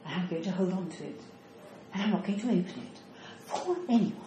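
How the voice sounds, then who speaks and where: A woman's voice: very high-pitched, sing-song, slow, noisy background, pitched above the performer's own voice, exaggerated voice. A woman acting out a confused elderly woman with dementia in a care home, stammering and panicky. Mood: withdrawn. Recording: roomy echo.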